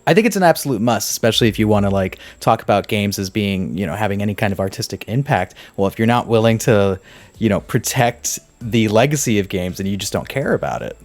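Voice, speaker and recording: A man joining a casual podcast as a guest, speaking in an opinionated, soapboxing way. His voice sits a little low, and the sound is dry and close. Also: animated, quick pace, no echo. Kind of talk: casual chat.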